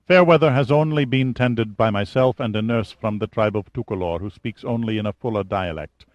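Man reading a nervous deferential doctor, careful and subdued, low voice, dry close sound. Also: brisk, no room sound, muffled recording, natural voice. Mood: uneasy deferential. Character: uneasy, servile male hospital doctor. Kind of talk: audiobook character reading.

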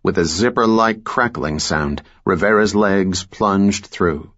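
A man narrating a thriller audiobook in a measured, steady way. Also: deep voice, dull audio.

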